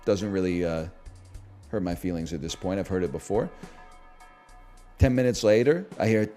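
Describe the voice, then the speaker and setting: A man streaming live and chatting casually, joking and swinging from muttered asides to loud, animated rants. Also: low voice, moderate pace, soft background music.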